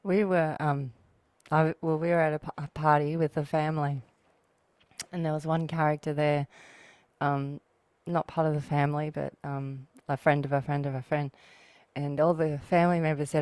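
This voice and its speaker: Female guest with a deep voice and a dry, close sound, a chatty storyteller. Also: flat delivery, moderate pace, darkish tone, no echo. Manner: chatty anecdotal storyteller, laughs often. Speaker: podcast guest. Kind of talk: casual spiritual chat.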